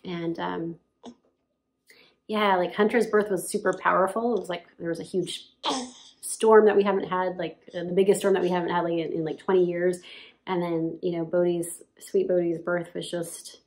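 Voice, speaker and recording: Give me a woman with a gravelly fry in her voice, chatting through her story while she nurses her baby. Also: on the low side, level tone, moderate pace, darkish tone. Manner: chatty, lots of "like", laughs often. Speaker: new mother telling her birth story. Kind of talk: casual personal storytelling.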